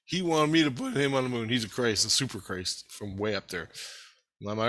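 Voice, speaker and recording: A man rambling through a profane, animated story about his spiritual experiences. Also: medium pitch, brisk.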